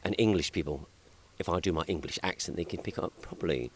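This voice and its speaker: Scottish male comic, deep voice, easygoing interview banter, quick to laugh. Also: a little hiss or hum. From Scotland. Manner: chatty, laughs often, self-deprecating. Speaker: comedian guest. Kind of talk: casual interview chat. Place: outdoors in hot sunshine.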